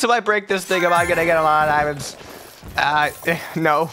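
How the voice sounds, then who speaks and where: A man doing excitable, melodramatic gameplay commentary as a gaming video creator. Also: moderate pace. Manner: excitable, melodramatic, jumps to squeaky yelps. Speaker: gaming YouTuber.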